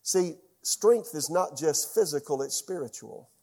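Pastor telling a story in a dark-toned voice. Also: male voice, a little high, expressive, a little slow, husky. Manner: storytelling, asks the congregation questions. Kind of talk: sermon.

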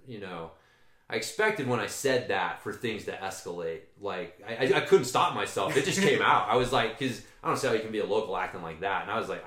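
A man's voice: lowish voice, a bit bright. A man in casual chat, telling a long rambling story with swearing and frequent restarts. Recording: roomy echo.

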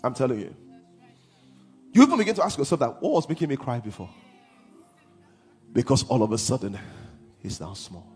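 A man preaching a sermon as pastor, swinging from hushed lines to half-sung shouts. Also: medium pitch, big pitch swings, brisk, long pauses, soft background music.

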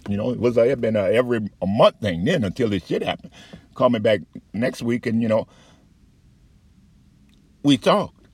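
A man's voice: medium pitch, expressive, moderate pace, pauses often, husky, no room sound. A man giving a heated, profane, rambling account of his complaints as a patient. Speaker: patient telling his story. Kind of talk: angry personal account.

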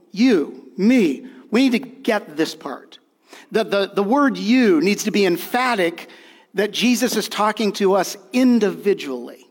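A man with a high-pitched voice preaches an earnest, emphatic sermon, repeating key phrases for weight. His voice rings with the long reverb of a church hall. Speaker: pastor.

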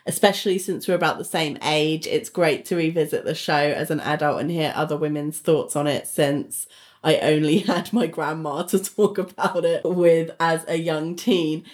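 Giggly British woman with a lowish voice. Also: steady tone, normal speed. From Britain. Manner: giggly, warm asides. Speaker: podcast co-host. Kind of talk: casual chat reading listener reviews.

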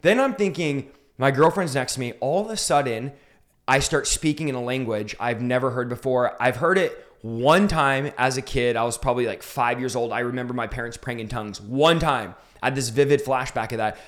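A man in his thirties recounts his conversion in an interview with fervent, emphatic conviction. His mid-pitched voice rises to intense peaks. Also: brisk, fairly bright tone. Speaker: preacher telling his testimony. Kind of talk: impassioned storytelling in an interview.

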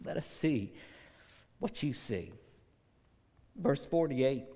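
A male pastor preaching a sermon, swinging between hushed pleading and loud, urgent appeals, clearing his throat now and then. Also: medium pitch, lively intonation, slow pace. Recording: long hall reverb.

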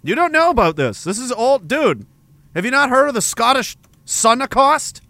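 A man's voice: very high voice, very animated, normal speed, bright, forceful tone, dry recording. A man streaming and reading chat aloud, joking, profane and mock-indignant. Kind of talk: casual chat.

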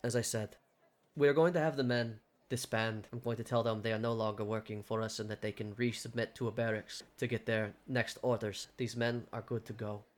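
A man playing a stern male inquisitor in a tabletop game, measured and dryly sarcastic. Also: on the low side, level tone, natural voice. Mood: commanding.

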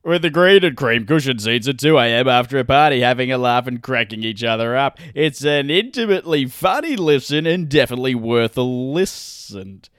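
A man putting on a deep, booming voice to read a listener review aloud. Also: expressive, moderate pace, hardly any pauses, a bit bright, clean tone, dry recording, clean studio sound, close to an everyday voice. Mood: mock grand.

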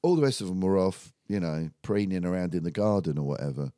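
A man with a warm, mellow tone tells a story in a casual chat. He swears freely and acts it out with energy. The sound is close and dry. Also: low-pitched, quick pace, dry recording.

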